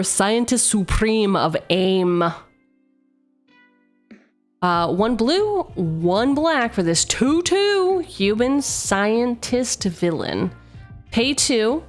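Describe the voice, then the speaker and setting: Playful young woman streaming card openings. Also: mid-range voice. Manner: playful, chatty, reads card text aloud, jokes with chat. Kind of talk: casual card-opening livestream chat.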